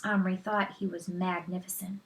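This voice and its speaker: A woman reading a children's novel aloud, slow and measured, with soft asides to listeners. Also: fairly low pitch, flat delivery, vocal fry. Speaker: storyteller.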